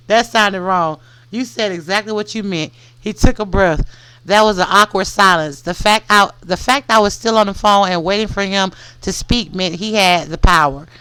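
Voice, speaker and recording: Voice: mid-range voice, sharp tone, clean tone, no echo. A podcast host reading a book aloud, stumbling over words and adding comments.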